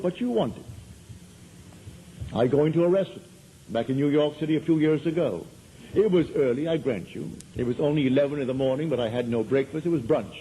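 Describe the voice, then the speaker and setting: On a low-quality recording with a little hiss or hum, a man with a slightly high, warm voice lectures a live audience on metaphysical matters. He relies on conversational storytelling and emphatic repetition to drive his points home.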